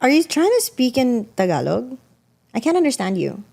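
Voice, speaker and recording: A woman's voice: a little high, big pitch swings, moderate pace, creaky, mellow, slightly rough. A woman co-hosting a podcast in playful, chatty casual talk. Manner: playful, chatty, mixes in Tagalog. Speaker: podcast co-host. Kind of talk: casual chat.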